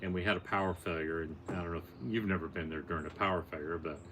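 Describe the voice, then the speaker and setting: An older man tells a story in a plain, matter-of-fact way, with a voice that sits a little low. He stays conversational and gets lively at the tense moments. A faint hiss runs underneath. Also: fast. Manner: plainspoken, matter-of-fact, building to animated peaks. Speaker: podcast guest, storyteller. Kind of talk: casual storytelling chat.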